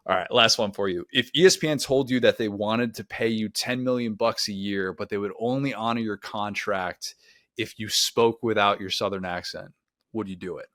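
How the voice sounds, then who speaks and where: A man in his thirties with a fairly low voice hosts a relaxed interview. He asks questions in an easygoing, joking manner. His voice sounds dry and close, with no room around it. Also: normal speed, no echo. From Chicago suburbs. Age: 30s. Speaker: podcast host. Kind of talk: casual interview chat.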